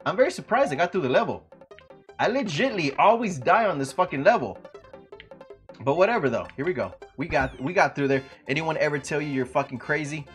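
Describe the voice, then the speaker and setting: A young man streaming a retro game, chatting casually, swearing a lot and breaking into loud outbursts, saying he is sleepy. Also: mid-range voice, expressive, fast talker, music in the background. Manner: profane, rowdy, loud outbursts and laughing.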